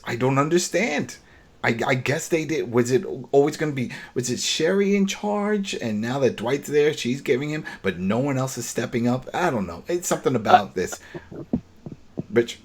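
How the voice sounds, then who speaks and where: Husky man retelling a TV episode. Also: medium pitch, normal speed. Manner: animated retelling, acting out dialogue. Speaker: podcast host recapping a TV episode. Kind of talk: casual podcast chat.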